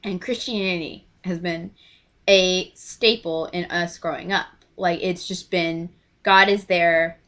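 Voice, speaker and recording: A woman in her twenties telling a story in a casual vlog, animated and emotional as she acts out quoted lines. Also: lowish voice, slow pace. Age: 20s. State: choked up. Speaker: vlogger.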